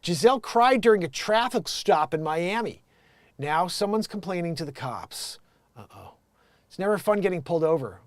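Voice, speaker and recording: A man's voice: on the high side, dry recording. A man hosting an improvised comedy news livestream. He rambles, riffs and swears casually. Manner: rambling, riffing, loose and profane. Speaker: comedy news show host.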